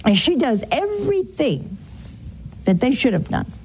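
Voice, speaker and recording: A woman's voice: sits high, sing-song, measured pace, a little mellow, slight background noise, low-quality recording. A woman giving a folksy, wry sermon-style teaching on air, speaking straight to her listeners. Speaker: religious broadcaster.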